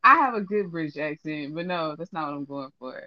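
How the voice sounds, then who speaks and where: A man's voice: a little high, lively intonation, brisk, pushed and bright, dry recording, muffled recording. A young man, a student, chatting as a podcast guest in a playful, laughing way. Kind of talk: casual podcast banter.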